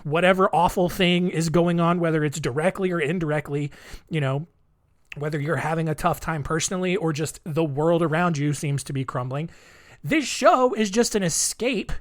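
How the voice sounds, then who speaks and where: A man's voice: on the high side, moderate pace. A man hosting a podcast solo, rambling casually with lots of fillers and restarts. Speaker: podcast host.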